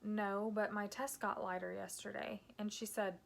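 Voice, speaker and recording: A woman's voice: mid-range voice, flat delivery, normal speed, vocal fry. Candid woman telling a personal story. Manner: candid and emotional, with some soft hushed passages. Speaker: vlogger.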